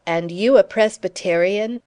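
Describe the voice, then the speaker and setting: A woman's voice: mid-range voice, measured pace, darkish tone, natural voice. A woman reading the lines of a blunt, plain-spoken young man in an audiobook.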